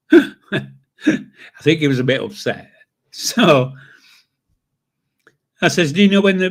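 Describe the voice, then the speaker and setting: A man's voice: mid-range voice, fairly bright tone. A man, telling a rambling, salty anecdote on his live stream. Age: 60s. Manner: chatty, swears freely, chuckles through his stories.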